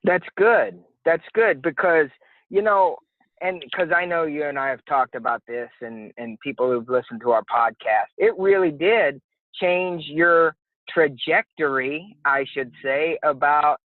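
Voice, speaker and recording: A man's voice: a little high, a little slow, no echo. A man co-hosting a podcast in casual chat, playful and joking. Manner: playful, jokey, slips into mock voices. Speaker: podcast co-host. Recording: tinny phone-like line.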